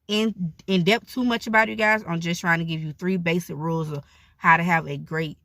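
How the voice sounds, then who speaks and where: Woman vlogger, lowish voice, dry close sound, candid, chatty, talks straight to viewers. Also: fairly bright tone, dry recording. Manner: candid and chatty, keeps addressing viewers directly. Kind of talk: casual advice vlog.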